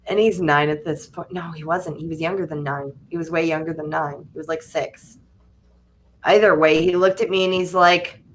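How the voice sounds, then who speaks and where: A woman's voice: fairly low pitch, normal speed, slight background noise. A young adult woman hosting a livestream, chatting casually and telling funny stories with frequent laughter. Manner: animated storytelling, laughing often. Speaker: livestream host. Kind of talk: casual chat.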